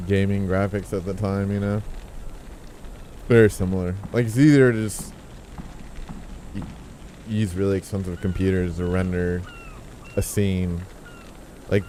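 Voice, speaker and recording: A man streaming a game, chatting casually in a rambling, profane, excitable way. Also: sits low, slight background noise. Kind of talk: casual gaming stream chat.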